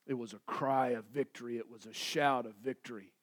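A pastor preaching a sermon, swinging between loud declarations and quiet asides. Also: male voice, mid-range voice, fairly even intonation, brisk.

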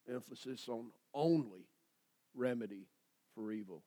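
A pastor preaching a sermon, swinging between loud declarations and quiet asides. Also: male voice, medium pitch, normal speed.

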